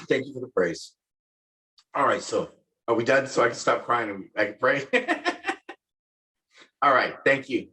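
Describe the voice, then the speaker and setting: A man, a professor, leading an emotional closing prayer on a video call, loud and halting with many restarts. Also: mid-range voice, very animated, recorded from a distance.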